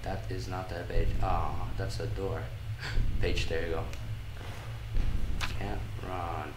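Guy playing a scary game and freaking out, swears a lot, kinda low voice, echoey room, noise behind. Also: little pitch movement, takes it slowly. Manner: jumpy, swearing, talks to himself while playing. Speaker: gaming channel host. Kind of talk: horror game let's-play commentary.

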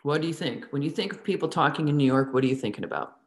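A woman's voice: sits low, animated, very fast. A woman teaching a theatre class in a lecture style, asking the students many questions and drawing words out for emphasis. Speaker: theatre instructor.

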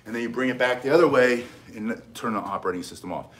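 A middle-aged man teaching self-defense in a loose, casual way. He speaks at an ordinary pitch, stresses his main points emphatically, repeats them and often starts a sentence over. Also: fast. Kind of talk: casual instructional talk.

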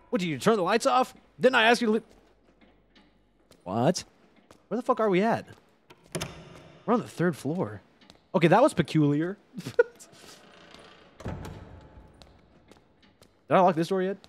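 A man streaming a game live, commenting casually and excitably, swearing and laughing as he plays. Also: high voice, measured pace, creaky, pauses often.

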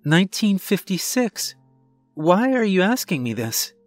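A man's voice: high voice, very animated, measured pace, dry recording, faint music behind, pitched above the performer's own voice. A man voicing a panicked confused young woman. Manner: urgent, rising panic.

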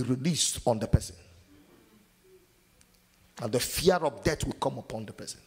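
Husky-voiced preacher man in a reverberant hall. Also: medium pitch, expressive, moderate pace, pauses often. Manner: call-and-response preaching, asks the congregation to finish verses; acts out scenes in loud sudden shouts. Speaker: pastor. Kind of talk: sermon.

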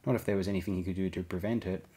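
A man reading a science fiction audiobook aloud, giving the characters' lines small shifts in pitch and volume. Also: fairly even intonation, very fast, dark tone. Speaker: audiobook reader. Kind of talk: scripted narration.

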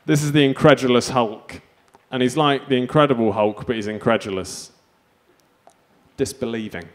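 A man's voice: medium pitch, moderate pace. A man doing a stand-up set, delivering self-mocking absurd one-liners. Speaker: stand-up comedian.

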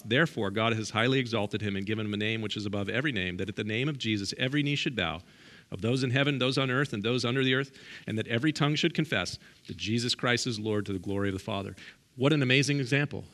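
A man's voice: medium pitch, fast talker, a bit bright. A middle-aged man, a guest pastor, preaching a sermon with emphatic repetition and direct questions to the congregation in a church. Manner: emphatic, repeats key words for stress. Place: church sanctuary.

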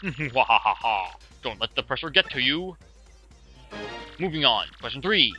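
Villainous quiz-master, as a man puts him on, male, hammy taunting game-show patter, very bright voice, faint music. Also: medium pitch, sing-song, a little slow, full character voice.

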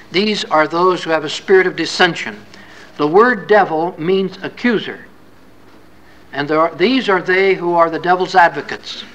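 A man's voice: sits high, pushed and bright, poor audio. A man giving a classroom scripture lecture in an earnest, folksy, conversational way. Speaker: religious lecturer.

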